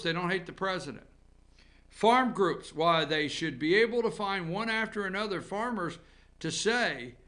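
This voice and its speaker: A man hosting a political opinion show, ranting with heavy repetition. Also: high voice. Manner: animated, ranting, repeats himself. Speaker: talk show host.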